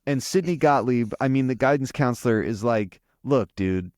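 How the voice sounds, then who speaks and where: A man's voice: medium pitch, a little fast, darkish tone, no echo, studio quality. A man co-hosting a casual podcast, recapping a TV episode in a rambling way with many restarts. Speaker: podcast co-host.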